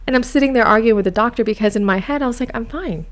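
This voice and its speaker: A woman from Miami hosting a podcast, telling a personal story in a chatty, animated, self-mocking way. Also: a little high, racing. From United States, grew up in Miami. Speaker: podcast host. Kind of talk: casual storytelling monologue.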